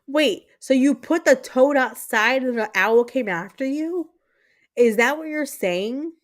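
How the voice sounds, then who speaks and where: A woman's voice: sits high, measured pace. A woman in her thirties hosting a live stream, chatting casually and telling stories with lots of swearing. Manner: animated, profane storytelling. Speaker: livestream host.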